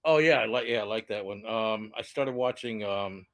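A man's voice: on the low side, normal speed, a bit bright, no room sound. A man appears as a guest on a show and chats casually. He chuckles often and has a slight lisp. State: lisping after a tooth pulled. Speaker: guest, painter. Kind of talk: casual chat.

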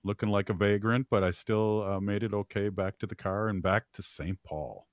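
A man's voice: lowish voice, steady tone, normal speed, dry recording, studio quality. A man hosting a community radio show, chatting casually with many fillers and easy laughs. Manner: rambling, filler-heavy, laughs easily. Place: radio studio.

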